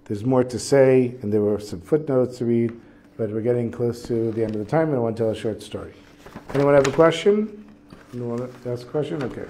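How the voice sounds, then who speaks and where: A man teaching a class on a religious text, reading passages and translating them in a relaxed, conversational way. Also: mid-range voice, a little fast, slight background noise. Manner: casual, reads Hebrew passages then translates. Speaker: Torah teacher.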